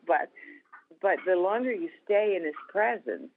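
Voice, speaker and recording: A woman, a guest author and minister, telling stories in a folksy, animated way during a Christian interview. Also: fairly low pitch, measured pace. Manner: animated storyteller, folksy, laughs easily. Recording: tinny phone-like sound.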